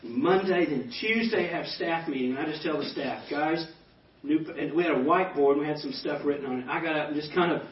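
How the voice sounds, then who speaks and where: A man in his fifties, a pastor giving a personal testimony, animated and acting out quoted dialogue as he tells stories. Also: fairly high pitch, brisk, few pauses. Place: banquet hall. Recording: echoey hall, distant dull mic.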